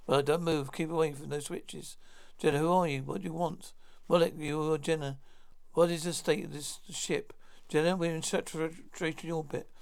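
Male reader with a gravelly, somewhat high voice who plainly reads out a drama script, speaker names included. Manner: announces each speaker's name before the line. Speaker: narrator reading all parts. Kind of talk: plain read-through of a script.

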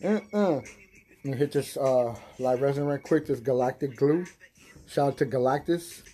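A young man hosting a casual stoner podcast, high, rambling and profane, laughing often. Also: normal speed, mellow, husky. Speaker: podcast host.

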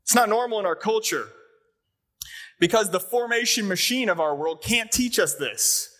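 A man's voice: high voice, expressive, normal speed, a bit bright. A man preaching a sermon as a pastor, talking conversationally and often asking his congregation questions. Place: church sanctuary.

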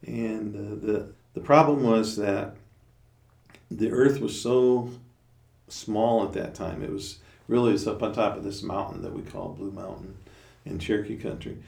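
Gravelly, low-voiced male storyteller. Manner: relaxed, halting, with fillers. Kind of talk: oral storytelling. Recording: roomy, distant mic.

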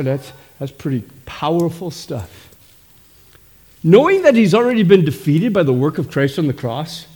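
Middle-aged pastor, slightly high voice, punchy preaching with constant "amen?" calls. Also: male voice, mellow. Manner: emphatic, frequent calls of "amen?". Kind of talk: sermon.

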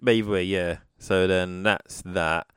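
A man's voice: low voice, fairly even intonation, a little slow, fairly bright tone, smooth, dry recording, studio quality. A man co-hosting a podcast, recapping a film in casual chat and acting out the characters' lines. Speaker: podcast co-host.

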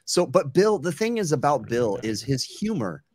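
A man co-hosting a podcast, telling a story over a remote call in a lively, swearing, casual way. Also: fairly high pitch, normal speed, slight background noise. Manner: animated, profane storyteller. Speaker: podcast co-host.

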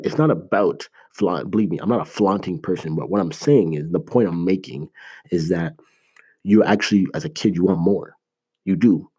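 A Canadian man with a very low, husky, somewhat mellow voice delivers an earnest, emphatic motivational talk. His style is conversational, full of "like" and restarts, and he repeats key points to drive them home.

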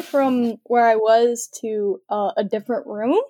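A woman's voice: a little high, unhurried, no echo. Teen girl chatting on a call, giggly and rambly, dry mic. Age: teens. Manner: giggly, rambling, animated retelling. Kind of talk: casual chat. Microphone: computer mic on a voice call.

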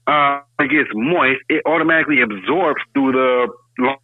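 A man in casual chat, talking loudly and profanely and laughing often. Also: medium pitch, normal speed, no echo, narrow, tinny audio.

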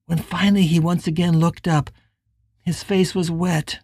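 A woman reads an audiobook in a low, measured voice at a slow pace. The recording is dry and close, with an emotive but controlled delivery. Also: steady tone, a little mellow, slightly rough, no room sound. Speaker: audiobook narrator. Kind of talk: scripted audiobook narration.

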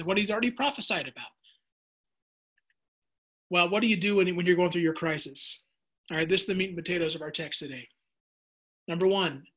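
A middle-aged male preacher delivers a fervent radio sermon, often tripping over and repeating his words. His voice sits high for a man, with a bright, husky edge. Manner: passionate, repeats words when excited. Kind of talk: sermon with listener texts.

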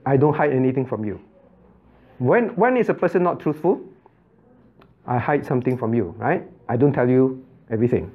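A man's voice: mid-range voice, lively intonation, moderate pace, long pauses. A man pastor teaching an interactive Bible class, who stresses key words, repeats himself and quizzes his listeners with "right?". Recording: tinny phone-like sound.

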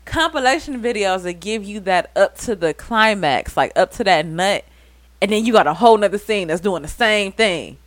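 A woman's voice: mid-range voice, normal speed. A woman chatting frankly and casually on a podcast, with many fillers. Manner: relaxed, frank, filler-heavy talk. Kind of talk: casual chat.

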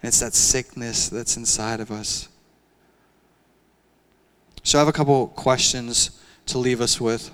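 A young man preaching a sermon in a conversational, animated way, often using casual fillers. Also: mid-range voice, unhurried, pauses often, smooth. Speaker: pastor.

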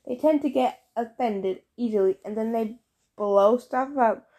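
A woman narrating a fantasy novel as an audiobook reader, in a steady storytelling read. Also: fairly high pitch, a little slow.

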